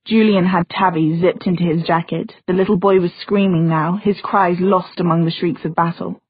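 A woman narrates a fantasy novel with steady, even pacing. Her voice is slightly husky and sits at a middle pitch. The sound is dry and narrow, like it came through a phone line. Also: normal speed, no echo. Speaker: audiobook narrator.

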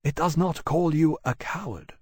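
A man voicing a calm, perceptive male companion in a spoken storybook, speaking quietly and dryly. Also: fairly high pitch, moderate pace, breathy edge, voice pushed up. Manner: quiet, dry.

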